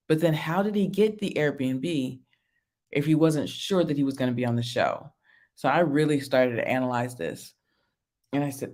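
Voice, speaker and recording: A woman's voice: extremely low pitch, normal speed, darkish tone. A woman hosting a casual reality TV review stream. She laughs often, repeats herself for emphasis and answers viewer comments as she talks. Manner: emphatic, repeats phrases for effect.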